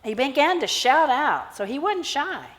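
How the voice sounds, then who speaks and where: A woman's voice: high voice, unhurried. Woman preaching in an echoing church. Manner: animated storytelling, acting out biblical characters. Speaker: pastor. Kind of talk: sermon. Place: church sanctuary. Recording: church hall reverb.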